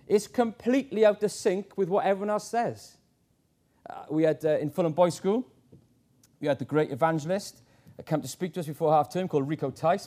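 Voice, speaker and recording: A man's voice: high-pitched, darkish tone. A middle-aged man preaching a sermon, earnest, with many fillers and rhetorical questions.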